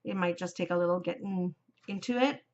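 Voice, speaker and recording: A woman in her forties hosting a casual craft podcast, gushing and chatty and quick to laugh. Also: fairly low pitch, lo-fi sound. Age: 40s. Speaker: podcast host. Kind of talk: casual chat.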